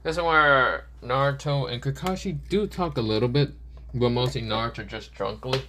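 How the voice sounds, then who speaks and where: A man's voice: mid-range voice, normal speed, bright, forceful tone. A man casually improvising a fan-fiction story, rambling with lots of fillers. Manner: rambling, many fillers like "well" and "but yeah".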